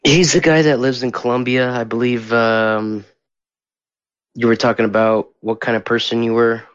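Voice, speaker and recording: A man's voice: mid-range voice, little pitch movement, normal speed, smooth, no room sound. Easygoing man hosting a call. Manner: easygoing, prompting others. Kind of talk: casual group call chat. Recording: dull lo-fi call audio.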